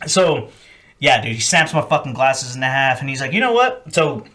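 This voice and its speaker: A man hosting a podcast, telling stories in casual, profane chat and acting out yelling sergeants. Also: mid-range voice, moderate pace. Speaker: podcast host.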